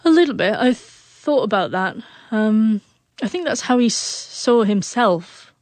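A woman's voice: on the high side, animated, a little slow, a little mellow, no room sound. A woman in her forties, an author telling a personal story in an interview, who stutters on the first sounds of words. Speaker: author and guest.

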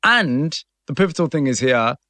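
A man's voice: medium pitch, lively intonation, normal speed, sharp tone, no room sound. A man hosting an interview, narrating scripted links and probing his guest, summing up and pushing back. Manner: probing, sums up and challenges the guest. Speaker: host.

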